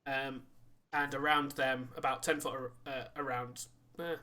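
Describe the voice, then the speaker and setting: Male DM, haltingly narrates the scene, mid-range voice. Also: mid-range voice, level tone, pushed and bright. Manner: halting narration, many ums and restarts. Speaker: dungeon master. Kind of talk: narrating a tabletop game.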